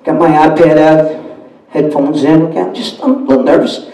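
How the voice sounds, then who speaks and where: A man, a party emcee telling a story to the crowd in a brash, animated way. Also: on the high side, normal speed, gravelly, distant mic. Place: banquet hall at a dinner dance. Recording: echoey hall, mic from afar.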